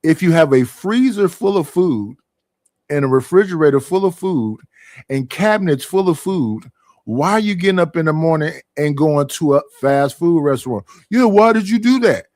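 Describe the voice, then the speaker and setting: A middle-aged man rants to his stream from home. His talk is profane and animated, and he keeps asking rhetorical questions. His voice sits a little high and sounds dry and close. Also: moderate pace, no echo. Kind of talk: casual ranting monologue.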